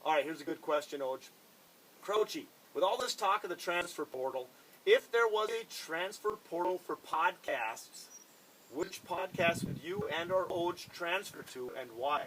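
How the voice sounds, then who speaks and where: Chatty male sports podcaster, slightly high. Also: lively intonation, unhurried, fairly bright tone, slight background noise, poor audio. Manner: reads listener questions aloud, emphatic. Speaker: podcast co-host. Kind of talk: casual sports chat.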